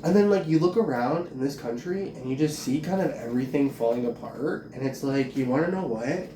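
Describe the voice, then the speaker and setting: A man's voice: mid-range voice, lively intonation, fairly quick, dark tone, slight background noise. A man in a profane, agitated, rambling rant, filling his talk with "like". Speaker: vlogger. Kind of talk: ranting monologue. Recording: roomy, distant from mic, faint ambience.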